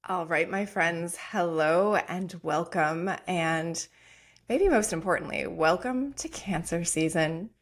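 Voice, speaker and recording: A woman's voice: on the low side, takes it slowly. A woman hosting a podcast in a casual chat, gushing and upbeat, often using "like.". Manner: gushing and upbeat, heavy use of "like". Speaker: podcast host and oracle coach.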